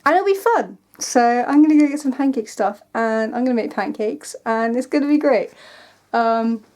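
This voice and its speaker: A woman's voice: fairly high pitch, normal speed, darkish tone. A young woman vlogging at home, telling stories in a rambling, giggly way. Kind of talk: casual vlog chat.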